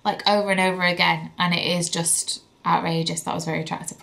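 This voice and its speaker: A woman's voice: fairly low pitch, little pitch movement, fairly quick, creaky, few pauses, a bit bright. A young woman, chatting candidly to camera as a vlogging mother, with lots of "like" fillers. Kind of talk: casual chat to camera.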